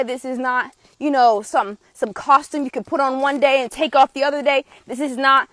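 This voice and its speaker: A woman, a tarot reader giving a passionate, forceful live spiritual reading with blunt swearing. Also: high-pitched, expressive, normal speed, few pauses, dry recording. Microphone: streaming setup.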